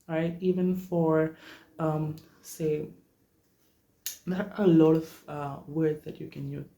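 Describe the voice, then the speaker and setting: The lo-fi recording captures a vocal coach with a dark tone speaking slowly and with fairly even intonation. Teaching vowels in a workshop, they keep checking in with the group and sing vowel examples up high, all in a room full of echo.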